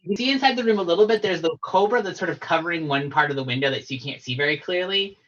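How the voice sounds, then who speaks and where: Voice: medium pitch, fast talker, a bit bright. A game master narrating a tabletop game in a descriptive, easygoing way. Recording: slightly dull lo-fi audio.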